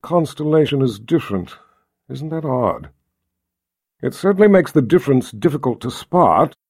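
An earnest sister scholar, as a man reading the book puts her on, thoughtful and measured. The voice moves a lot in pitch. It sounds dry and close. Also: sing-song, darkish tone, slightly rough, no echo. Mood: puzzled.

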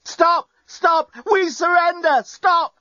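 A man's voice: animated, a little fast, husky, no echo, highs cut off, full character voice. A man reading aloud and voicing a flustered, stammering journalist in a storybook. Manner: high, breathless and stammering. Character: panting, flustered male journalist.

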